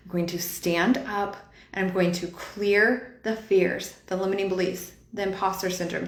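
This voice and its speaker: A woman's voice: mid-range voice, a bit bright, echoey room. A woman in her thirties hosting a spiritual coaching podcast, talking casually and earnestly with a lot of "like" and light laughter. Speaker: podcast host.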